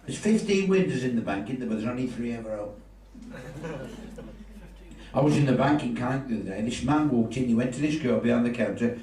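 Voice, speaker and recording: A man's voice: medium pitch, expressive, quick pace, pauses often, warm tone, slight background noise. An older man with an English Midlands accent performing a live stand-up routine as a chatty storyteller who teases the audience. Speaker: stand-up comedian. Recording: roomy venue from far off, audience laughter.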